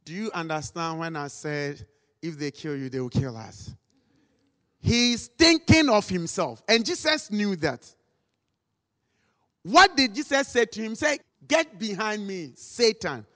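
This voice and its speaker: Male preacher, slow deliberate delivery, lively pitch, sermon in a long-reverb hall. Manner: dramatic, acts out quotes, rises to shouts.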